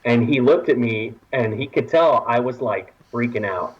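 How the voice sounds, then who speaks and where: Guest storyteller from Texas, husky and lively, laughs through his own tale; muffled lo-fi audio. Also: mid-range voice, moderate pace. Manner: laughing often, acting out quoted voices. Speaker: podcast guest. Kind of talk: casual storytelling.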